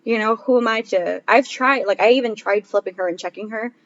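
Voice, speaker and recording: A woman's voice: medium pitch, a little fast, highs cut off, a little hiss or hum. A woman in her twenties, a podcast co-host telling a story in a casual chat. She talks with animation, laughs often and acts out what others said. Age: 20s.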